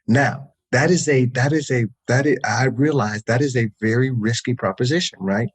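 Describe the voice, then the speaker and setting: A man's voice: medium pitch, lively intonation, normal speed, hardly any pauses, slightly rough. A man, a therapist and podcast guest, telling a story in casual interview talk, emphatic, with many restarts, repeated words and swearing.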